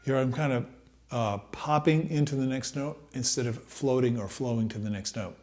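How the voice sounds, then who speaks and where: A middle-aged man giving a relaxed trumpet lesson, thinking aloud with many pauses and fillers. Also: medium pitch. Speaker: trumpet teacher. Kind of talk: relaxed practice-room lesson.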